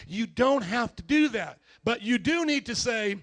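A man preaching a sermon as pastor, acting out quoted dialogue and building to loud emphatic peaks in a church. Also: extremely high pitch, lively intonation, moderate pace, few pauses. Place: church sanctuary.

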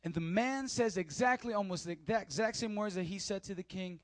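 A male pastor with a notably high voice reads scripture aloud and then presses his point on the congregation through emphatic repetition and direct questions. He talks fairly quickly, and the recording is dry, with no room sound.

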